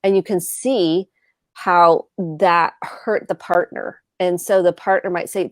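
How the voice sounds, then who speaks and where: A woman's voice: on the low side, fairly even intonation, slow, no room sound, studio quality. A middle-aged woman therapist giving earnest advice, often listing words and acting out short example dialogues. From United States. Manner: earnest, speaks in lists, acts out example dialogue. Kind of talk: explaining tips on a live show.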